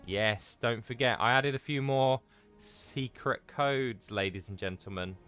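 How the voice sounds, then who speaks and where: A man's voice: mid-range voice, measured pace, a bit bright, soft background music. A man streaming a game, chatting casually with viewers in a self-mocking way and swearing freely. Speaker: gaming streamer. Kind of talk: casual live-stream chat.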